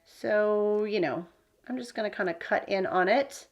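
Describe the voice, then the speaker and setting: A woman with a medium-pitched voice hosts a card-making tutorial at a measured pace, chatting casually and thinking aloud with fillers as she crafts. She has the hiccups throughout.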